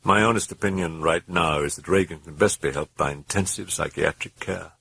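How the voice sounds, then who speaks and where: A man's voice: sits low, brisk, vocal fry, pushed and bright, breathy edge, no room sound, full character voice. A man voicing an earnest, troubled priest.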